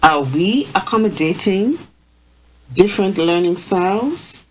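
A woman hosting a talk on parenting, reading prepared remarks in a measured way and sometimes correcting herself. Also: lowish voice, animated, a little hiss or hum, poor audio. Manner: slow, measured, with self-corrections. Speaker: host.

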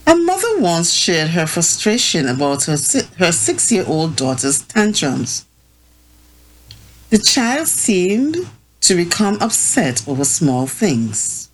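Slow, measured low-voiced woman. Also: sing-song, a little hiss or hum, poor audio. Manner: slow, measured, with self-corrections. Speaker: host. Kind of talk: reading a prepared talk on parenting.

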